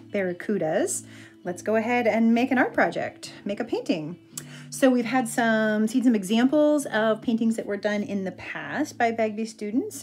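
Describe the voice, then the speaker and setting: A woman teacher reading a picture book aloud and pointing out the pictures, then leading an art lesson. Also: medium pitch. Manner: expressive storyteller, pointing out pictures.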